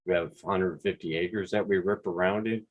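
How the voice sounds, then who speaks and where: A man with a Quebec accent, hosting a relaxed, rambling livestream chat over a video call with some mild swearing. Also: sits low, normal speed. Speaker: drone channel host.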